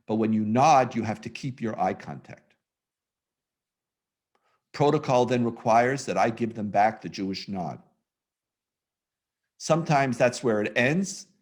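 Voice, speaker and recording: A man who is a rabbi, giving a humorous storytelling lecture over a video call in an animated, self-mocking way. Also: medium pitch, a little slow, long pauses.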